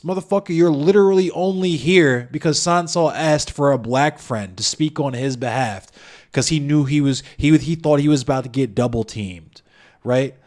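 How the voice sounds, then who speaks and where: A man's voice: a little high, moderate pace, a little mellow. A young man streaming, ranting in a heated, passionate and profane way. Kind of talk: heated casual stream talk.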